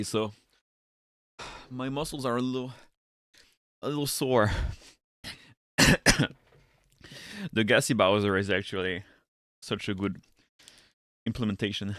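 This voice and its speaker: A man's voice: mid-range voice, fairly bright tone, dry recording. Dry-miked man rambling on a stream. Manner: rambling, profane, chats with viewers while working. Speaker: streamer and teacher. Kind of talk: casual live-stream chat.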